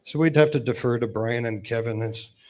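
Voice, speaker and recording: A man in his fifties giving a eulogy at a memorial gathering with gentle humor, pausing often with fillers. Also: medium pitch. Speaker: eulogy speaker, best man.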